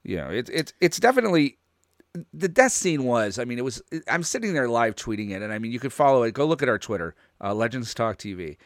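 A man's voice: medium pitch, very animated, fast talker, no room sound, clean studio sound. A man hosting a casual podcast, talking in a rambling way and restarting his sentences often. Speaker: podcast host.

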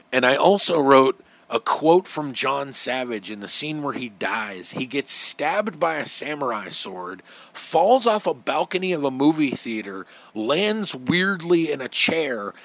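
A man talking through a movie on a podcast in a loose, sarcastic way. He curses often and reads bits from his notes. His voice sits at an ordinary middle pitch. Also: very animated, unhurried, a bit bright, no echo. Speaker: podcast co-host. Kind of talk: casual podcast chat reviewing a movie.

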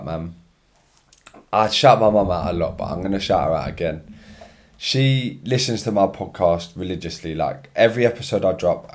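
Yawning and tired, a young man runs his solo podcast from his room through his own mic. The voice is lowish and a bit mellow, and the delivery is loose, chatty and full of slang.

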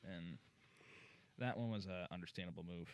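Deep-voiced and moderately paced, a man co-hosts a relaxed sports podcast. He goes through hockey news in easygoing banter, cracking up and dropping swear words as he reads.

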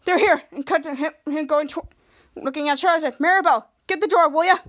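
A young woman hosts a podcast, recapping a TV episode casually and a little fast. She acts out the characters' lines with sudden loud, shrill bursts.

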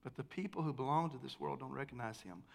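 A man preaching a sermon as pastor, talking with the congregation, calling for amens and swinging between hushed and emphatic lines. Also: mid-range voice, fast talker, gravelly, slight background noise. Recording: long hall reverb.

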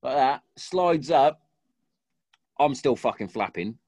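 A man's voice: medium pitch, expressive, slow, darkish tone, dry recording, clean studio sound. A man and army veteran, telling a war story in casual chat with a lot of swearing and acted-out quotes.

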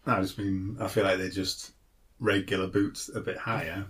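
A man from Northeast England co-hosting a book podcast, measured and reflective, sometimes reading passages aloud. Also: deep voice, little pitch movement, fairly bright tone. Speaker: podcast co-host. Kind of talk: casual book-discussion chat.

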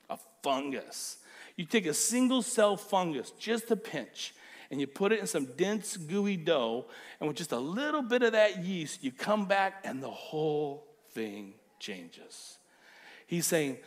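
A man preaching a sermon as pastor, animated and emphatic. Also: a little high.

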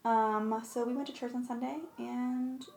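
A woman's voice: a little high, steady tone, a little slow, vocal fry, a little mellow, echoey room, a little hiss or hum. A young woman co-hosting a casual chat. She tells her stories with frequent laughter. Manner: chatty, laughs often while telling stories. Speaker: podcast co-host.

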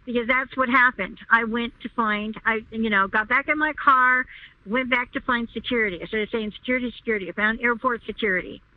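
A woman recounting a personal story as an interview guest, speaking emphatically and repeating herself as she goes. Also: a little fast. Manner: emphatic, repeats herself, rising pitch when upset. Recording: tinny phone line, dry.

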